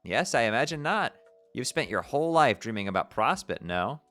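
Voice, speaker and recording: A man's voice: mid-range voice, sing-song, normal speed, a bit bright, faint music behind. A man voicing a bubbly, regal teenage sea-troll princess who drops "glub" into her speech as he reads a webcomic aloud. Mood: airy explaining.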